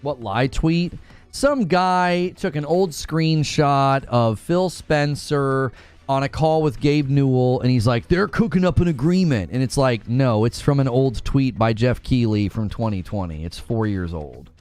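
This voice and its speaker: A man's voice: medium pitch, measured pace, smooth, faint music behind. A man hosting a live gaming news stream, chatting casually and reading out chat messages. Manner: casual, talks to chat, thanks donors excitedly.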